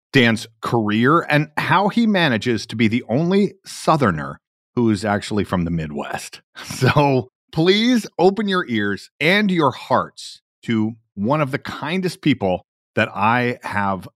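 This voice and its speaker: A man hosting a podcast, reading his show introduction in a lively, animated way. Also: mid-range voice, no room sound, clean studio sound. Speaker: podcast host. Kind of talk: scripted ad read and show intro.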